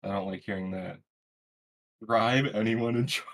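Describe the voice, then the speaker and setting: A man playing a tabletop role-playing game, reasoning wryly through his character's choices out loud. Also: lowish voice, steady tone, measured pace. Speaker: player. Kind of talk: casual tabletop game play.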